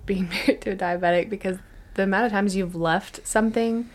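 A woman's voice: mid-range voice, fairly even intonation, fairly quick. A woman co-hosting a podcast, telling stories animatedly and laughing often. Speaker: podcast co-host. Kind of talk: casual chat.

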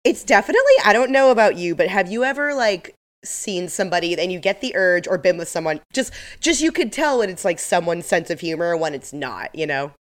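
Chatty woman in her thirties, lower voice. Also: lively intonation. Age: 30s. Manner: chatty, rambling, quick to laugh. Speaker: podcast co-host. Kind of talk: casual chat.

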